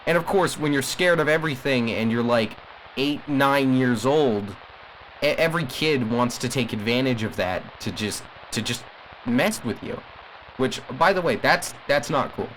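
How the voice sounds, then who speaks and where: A man plays an agitated caller in an audio drama who pleads the case of a troubled family to the listeners. He has a mid-pitched voice. His speech rambles with restarts and sudden emphatic pushes. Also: fairly bright tone, slight background noise, close to an everyday voice, poor audio. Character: agitated male radio caller defending a cursed family.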